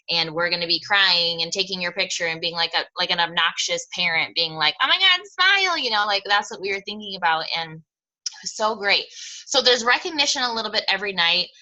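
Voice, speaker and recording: A woman's voice: fairly low pitch, sharp tone, rough recording. A young adult woman coach talking casually to her team, enthusiastic and rambling, with lots of fillers and repeated words.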